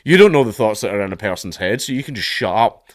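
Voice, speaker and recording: A man's voice: fairly low pitch, animated, fast, no room sound. Scottish guy ranting sarcastically about the news, swears a lot, dry close sound. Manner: sarcastic, profane, laughing asides. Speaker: commentator.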